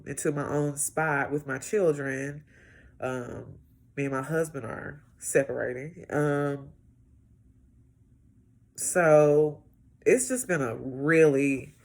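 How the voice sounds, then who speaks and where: A woman sharing a personal healing testimony in a vlog, talking to viewers in a reflective, emotional way. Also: deep voice. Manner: slow, reflective, emotional, talks straight to viewers. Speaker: healing client giving a testimony.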